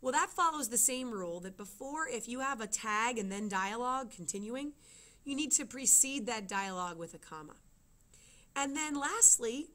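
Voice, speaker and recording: A woman's voice: a little high, lively intonation, moderate pace, sharp tone. Woman teacher, step-by-step explanations, checks in with the class. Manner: explains step by step, often asks "okay?". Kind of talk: classroom writing lesson.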